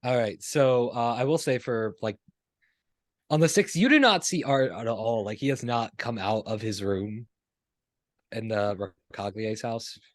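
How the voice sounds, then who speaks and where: Halting game master narrating a scene. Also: male voice, medium pitch, no room sound. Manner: loose, halting narration with many fillers.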